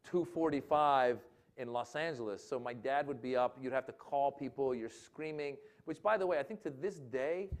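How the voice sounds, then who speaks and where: A man telling comic stories on stage in a loose, conversational way, often restarting his sentences. He jumps into loud, lively impressions for punchlines. His voice sits at an ordinary middle pitch. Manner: animated, self-interrupting, loud mimicry in jokes. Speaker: comedian and guest speaker. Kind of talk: casual conversational storytelling. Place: lecture hall forum with audience.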